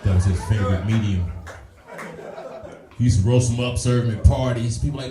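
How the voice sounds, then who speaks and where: A man from Nashville doing a stand-up set on a club stage, relaxed and drawling, often saying "man" and "y'all". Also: lowish voice, brisk, long pauses, distant mic, a crowd in the background. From Nashville, Tennessee. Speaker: headlining stand-up comedian. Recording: echoey club with music behind.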